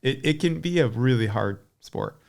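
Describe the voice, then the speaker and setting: An American man in his forties, a podcast guest and former pro cyclist, chatting casually and telling stories in an animated way, full of "like" fillers. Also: mid-range voice, moderate pace, creaky. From United States. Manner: animated storyteller, many "like" fillers. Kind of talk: casual chat.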